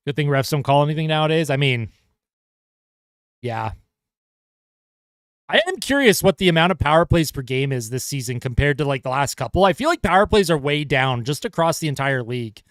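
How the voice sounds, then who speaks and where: Excited male fan calling hockey play-by-play. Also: on the high side, brisk, dry recording, clean studio sound. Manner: excited play-by-play, chatty asides to viewers. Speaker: fan commentator livestreaming a game. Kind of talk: casual play-by-play commentary.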